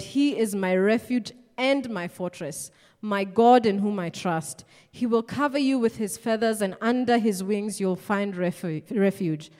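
Woman preaching, chatty and playful, long hall echo behind her. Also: mid-range voice. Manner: lively, conversational preaching with playful asides. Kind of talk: sermon. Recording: reverberant hall.

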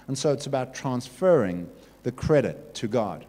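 A man's voice: mid-range voice, sing-song, moderate pace, mellow, in a large hall. A man giving a casual church talk to a youth group, telling stories loosely with many fillers.

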